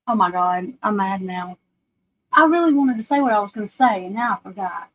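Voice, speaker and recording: A woman's voice: medium pitch, expressive, fairly quick, fairly bright tone, poor audio. A woman, hosting a livestream and telling rambling, blunt, profane stories as she talks to her viewers. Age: 40s. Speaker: livestream host. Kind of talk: casual chat on a livestream.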